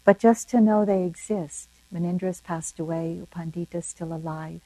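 An older woman and meditation teacher, telling a personal story in a dharma talk in a soft-spoken, reflective, unhurried way. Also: lowish voice, fairly even intonation, no room sound, low-quality recording.

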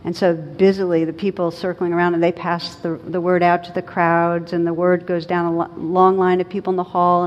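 A woman meditation teacher giving a dharma talk, telling stories and laughing at her own punchlines. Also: darkish tone. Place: large meditation hall. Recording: reverberant hall, muffled, faint rumble.

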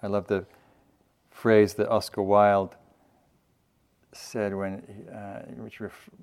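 A man with a fairly low voice gives a dharma talk at a meditation retreat. He speaks gently and loosely, with restarts and a light, self-mocking humor. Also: level tone, slow pace, smooth. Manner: loose, with frequent fillers and restarts. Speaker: meditation teacher.

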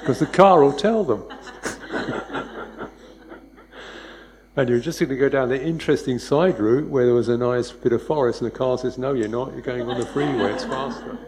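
A man teaching meditation in a loose, conversational dharma talk, wry and quick to laugh, checking in with "yeah?". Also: mid-range voice, noisy background. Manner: wry, laughs often, mimics hurried speech and beeps.

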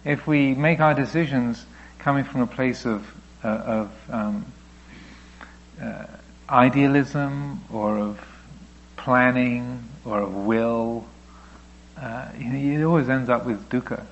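Gravelly-voiced man teaching meditation. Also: mid-range voice, slow, muffled recording. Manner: reflective, gently explaining, voicing thoughts aloud. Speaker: Buddhist teacher answering questions. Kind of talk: dharma talk Q&A.

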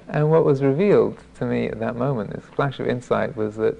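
A man, a Buddhist monk teacher, giving a dharma talk as self-deprecating storytelling, halting with many restarts. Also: medium pitch, vocal fry, darkish tone, slight background noise.

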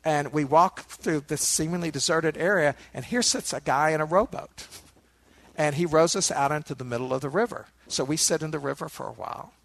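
A man with a slightly high, gravelly voice leads a dharma talk as a meditation teacher. He tells a teaching story in a relaxed way and turns to his listeners with asides. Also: fairly quick, no echo.

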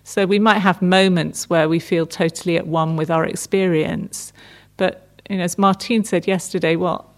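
Soft-spoken woman giving a meditation talk. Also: fairly low pitch, fairly even intonation. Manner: gentle, unhurried, with frequent restarts and fillers. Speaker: meditation teacher. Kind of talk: dharma talk.

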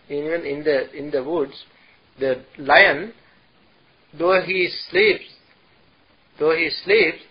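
A male monk gives a dharma talk in a high, breathy voice. He speaks slowly, pausing often and chanting old verses. The recording sounds muffled and lo-fi. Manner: slow, halting delivery with chanted Pali and Sanskrit verses. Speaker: Buddhist monk teacher.

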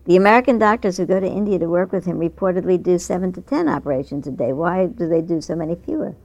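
A woman giving a dharma talk as a meditation teacher, speaking in a conversational, unhurried way while reading a news article aloud. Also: fairly low pitch, expressive, a little mellow, slight background noise. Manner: conversational and unhurried, with small restarts.

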